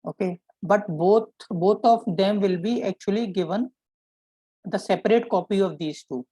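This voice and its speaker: A man teaching a programming lesson, explaining step by step and often checking in with a quick "right?". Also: high-pitched, mellow, slightly rough, no echo, rough recording. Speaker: programming instructor. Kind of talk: live coding lesson.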